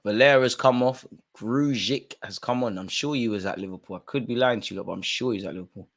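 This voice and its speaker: Excitable young guy, football watch-along. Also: brisk. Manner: excitable, swings between loud outbursts and low mutters, heavy slang. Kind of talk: live match watch-along commentary.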